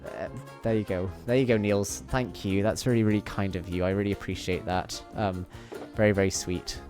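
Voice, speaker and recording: A man's voice: lowish voice, steady tone, normal speed, music in the background. A young man streaming a game from his bedroom, chatting playfully and rambling to his viewers. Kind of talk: casual chat while gaming. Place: home bedroom.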